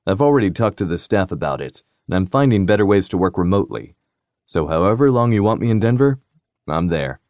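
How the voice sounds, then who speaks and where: A man's voice: low voice, sing-song, a little fast, darkish tone, dry recording, clean studio sound. A man voicing an easygoing, teasing adult brother in an audiobook.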